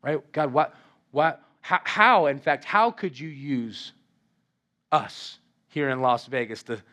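A male pastor preaching an animated, conversational sermon in a church, acting out quotes from scripture. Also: mid-range voice, slow. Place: church in Las Vegas.

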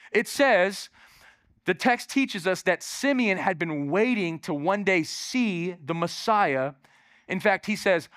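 A pastor delivering a lively sermon in church, calling out to the congregation with exclamations. His voice is high and bright, heard dry and close. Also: no room sound. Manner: calls on the crowd, exclaiming and animated.

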